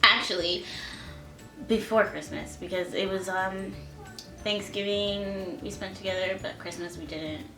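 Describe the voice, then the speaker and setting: A woman's voice: medium pitch, reverberant, music in the background. Shaky, tearful young woman vlogging. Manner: shaky, tearful, halting with many fillers. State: on the verge of tears. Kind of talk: emotional storytime vlog. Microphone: camera mic at close range.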